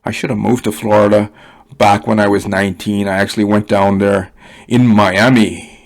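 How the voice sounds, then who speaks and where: A man from Canada with a mild Canadian accent speaks in a fairly low voice. He rants in a blunt, profane, rambling way, full of fillers and asides. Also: little pitch movement, moderate pace. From Canada (Ottawa, Ontario). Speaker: online money reviewer. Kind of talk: casual unscripted rant.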